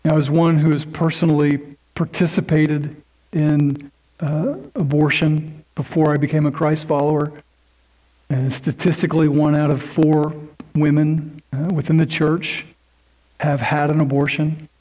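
A man's voice: on the high side, mellow, low-quality recording. A man preaching a sermon in an earnest, emphatic way, building points through lists and repetition. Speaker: pastor.

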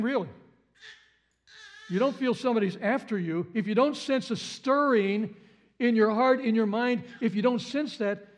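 A man preaching a sermon as pastor, impassioned, repeating his phrases and jumping to sharp exclamations. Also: sits high.

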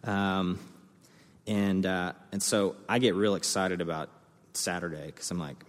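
A man's voice: deep voice, a little slow. Young male pastor in a reverberant hall. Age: young adult. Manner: animated storytelling, acting out quoted voices. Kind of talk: sermon.

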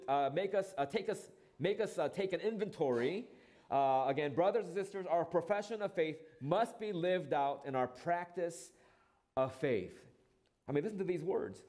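Man preaching an earnest sermon. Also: a little mellow. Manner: earnest preaching with rhetorical questions, drops low on scripture quotes. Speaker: pastor.

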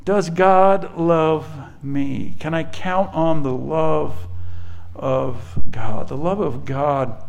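A pastor preaching a sermon in an earnest, conversational way. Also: male voice, fairly high pitch, very slow, vocal fry, darkish tone.

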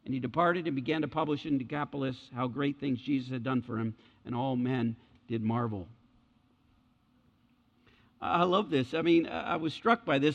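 A man's voice: mid-range voice, moderate pace, creaky. Earnest preacher man in a reverberant hall. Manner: earnest, emphatic, frequently checks in with listeners. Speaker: pastor. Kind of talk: sermon. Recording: dull lo-fi sound with long hall reverb.

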